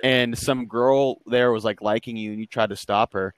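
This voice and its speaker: A man's voice: mid-range voice, steady tone, normal speed. A young man hosting a casual podcast, rambling through stories with lots of fillers and restarts. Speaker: podcast host.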